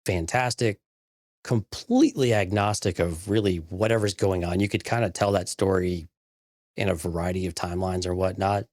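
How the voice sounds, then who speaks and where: A man's voice: low-pitched, steady tone, moderate pace, a little mellow, dry recording, clean studio sound. A man co-hosting a podcast in casual chat, easygoing and reflective. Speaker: podcast co-host.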